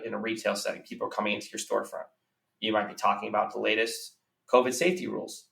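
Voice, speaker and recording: A man's voice: fairly low pitch, gravelly, fairly bright tone. Earnest man coaching, roomy distant sound. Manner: earnest, repeats key phrases for emphasis. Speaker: business coach guest. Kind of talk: podcast interview, advice. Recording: roomy, slightly distant mic.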